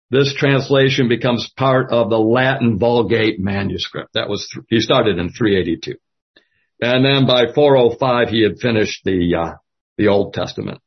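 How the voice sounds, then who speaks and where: A man leading a Bible study discussion, speaking slowly and haltingly with many fillers. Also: medium pitch, slightly rough. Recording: dull lo-fi audio.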